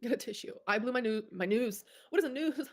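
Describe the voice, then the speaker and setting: A woman's voice: a little high, animated, a little fast. A woman livestreamer with a stuffy nose, rambling casually and packing her talk with "like.". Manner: rambling, full of "like" fillers.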